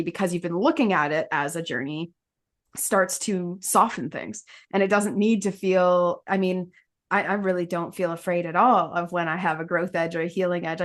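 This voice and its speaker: Candid rambling woman, slightly low voice. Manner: candid, rambling, frequent fillers and restarts; laughs often mid-sentence. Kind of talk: conversational podcast chat.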